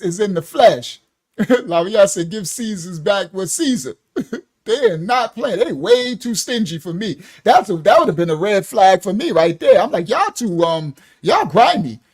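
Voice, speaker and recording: A man's voice: high-pitched, animated, normal speed, darkish tone. An older man hosting a casual livestream, reading viewer comments aloud, laughing often and searching for words with plenty of fillers. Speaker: livestream host. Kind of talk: casual live-stream chat.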